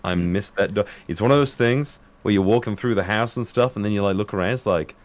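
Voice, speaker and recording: A man's voice: lowish voice, fairly quick, few pauses. A man from Birmingham with an English accent, chatting casually and playfully on a panel, swearing now and then. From Birmingham, England. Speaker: voice actor panelist.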